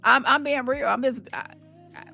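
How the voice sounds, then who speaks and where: A woman's voice: sits high, moderate pace, gravelly, sharp tone, faint music behind. A woman hosting casual commentary, blunt and profane, reading messages aloud and reacting with laughs. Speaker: commentary host.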